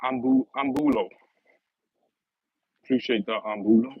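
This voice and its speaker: A man's voice: medium pitch, huge pitch swings, measured pace, creaky, breathy edge, phone-quality sound. Chatty young Welsh man streaming outdoors. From Wales. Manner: chatty, laughs often, greets viewers. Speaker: live streamer. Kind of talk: casual live-stream chat. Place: outdoors on an early summer evening. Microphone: phone on mobile data.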